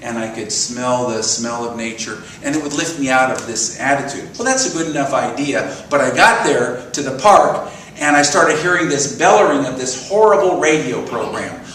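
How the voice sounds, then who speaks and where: A man in his sixties preaches as a minister in a church sanctuary, his mid-range voice moving at a normal speed with slight background noise. He tells stories animatedly and puts questions to the congregation, and the distant mic gives a roomy echo.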